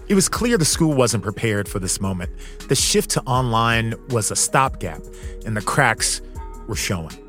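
A man hosting a podcast, giving measured, earnest scripted narration. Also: medium pitch, big pitch swings, fairly bright tone, soft background music. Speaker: podcast host.

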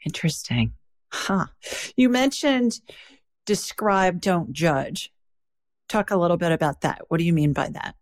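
A woman's voice: on the low side, lively intonation, measured pace. A woman hosting a podcast interview, asking curious, short follow-up questions. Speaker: podcast host.

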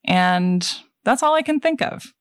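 A woman hosting a casual podcast, recapping a film in a wry, animated way with quoted asides. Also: mid-range voice, a little slow, smooth, dry recording, studio quality. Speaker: podcast host summarizing a film.

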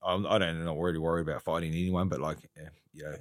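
Middle-aged Kiwi man, guest in casual talk, lowish voice, halting, dry close sound. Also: level tone, dry recording. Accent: New Zealand. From New Zealand. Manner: halting storytelling with many fillers and restarts. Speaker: guest, retired boxer. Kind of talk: casual chat.

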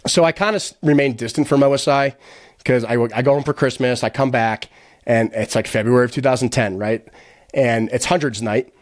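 A man's voice: mid-range voice, brisk, no echo, studio quality. A man from the United States, a podcast guest, telling his story bluntly with swearing and quoting the people involved. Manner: retells events by quoting others. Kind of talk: casual storytelling interview.

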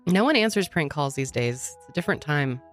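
A woman's voice: low-pitched, expressive, fairly quick, soft background music. A woman co-hosting a podcast, chatting casually and laughing often in a playful, teasing way. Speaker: podcast co-host. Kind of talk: casual chat.

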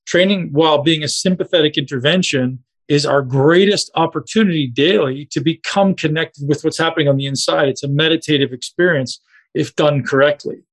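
A man's voice: fairly high pitch, a little fast. A man coaching a group on a call, talking casually and directly to his listeners.

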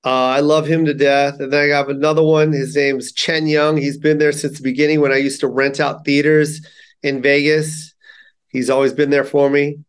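A man's voice: on the high side, moderate pace, clean tone. A middle-aged man, a stand-up comedian, telling stories in a casual interview and acting out the people he quotes. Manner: animated, acts out quotes in character voices.

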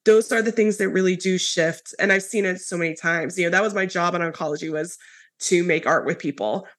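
A woman hosting a podcast, telling a story in a lively, casual way with many fillers. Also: fairly low pitch, fairly quick. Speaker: podcast host. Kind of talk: casual conversational interview.

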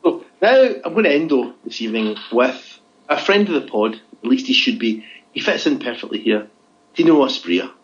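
A man's voice: mid-range voice, big pitch swings, brisk. Dry teasing man, muffled sound. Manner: dry teasing, reads news stories with asides. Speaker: podcast co-host. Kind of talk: casual chat. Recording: dull lo-fi sound.

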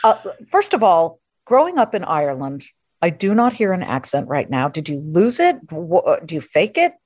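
A woman hosting a podcast interview, chatty and playful with quick asides. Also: on the low side, big pitch swings, darkish tone, dry recording, studio quality. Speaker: podcast host. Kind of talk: casual interview chat.

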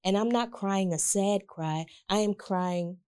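A woman's voice: mid-range voice, unhurried, clean tone. Laughing woman telling a story. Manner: animated, laughs often, acts out quotes. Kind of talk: casual storytelling chat.

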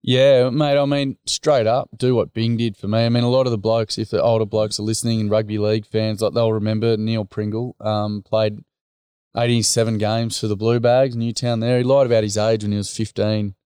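A man's voice: on the low side, darkish tone, clear, resonant tone, dry recording, studio quality. A middle-aged man with an Australian accent, a guest on a podcast interview, telling stories in a casual, slangy way. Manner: storytelling, full of slang, acts out dialogue. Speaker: guest, workshop facilitator.

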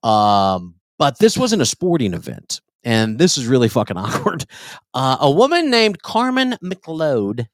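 A man's voice: medium pitch, huge pitch swings, unhurried, dry recording, studio quality. A man from Oklahoma hosting a casual comedy talk show, joking crudely and swearing freely. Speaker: podcast host.

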